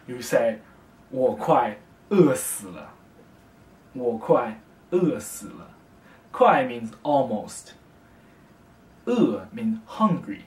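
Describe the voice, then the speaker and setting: Young guy doing a chill beginner lesson, slow and patient, repeats stuff, roomy echo. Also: mid-range voice, very animated, a little mellow, distant mic. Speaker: language tutor. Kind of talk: casual video lesson. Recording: echoey room, voice from off the mic.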